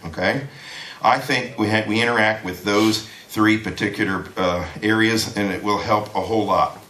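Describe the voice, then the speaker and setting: A man leads a trombone masterclass, lecturing students in an animated way and breaking into sung rhythms. His voice sits a little low but sounds bright and forceful. The sound carries a roomy echo, as from a hall. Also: moderate pace. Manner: animated, sings rhythms aloud. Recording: echoey room.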